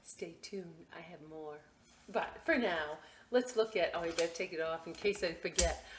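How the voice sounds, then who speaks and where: A woman reading picture books aloud at a library storytime, expressive and adding friendly asides for children. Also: lowish voice, background noise. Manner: slow, expressive, chatty asides to kids.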